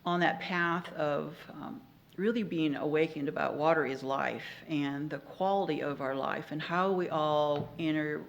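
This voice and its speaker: An older woman speaking on a panel, soft-spoken and earnest. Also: low voice, measured pace, gravelly. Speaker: panelist, former tribal chairwoman. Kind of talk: panel discussion talk.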